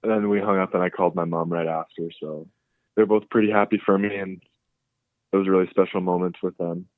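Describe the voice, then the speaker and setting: A young man from Canada, a drafted ballplayer, answering interview questions by phone in a soft-spoken way, often repeating words. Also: low voice, steady tone, fast, no echo. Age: young adult. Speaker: drafted baseball player, guest. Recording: tinny phone line.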